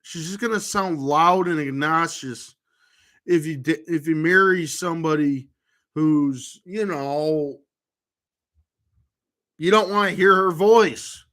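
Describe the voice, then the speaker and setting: A man's voice: a little high, takes it slowly, pauses often, fairly bright tone. A man vlogger talking in a rambling monologue to camera, full of restarts and trailing fillers.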